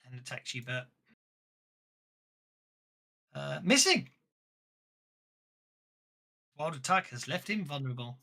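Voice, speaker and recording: A man's voice: mid-range voice, expressive, unhurried, gravelly, pauses often, pushed and bright. A man running a tabletop role-playing game over a voice call, chatty and easygoing, explaining rules with fillers. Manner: chatty, rulings with fillers and laughs. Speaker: game master.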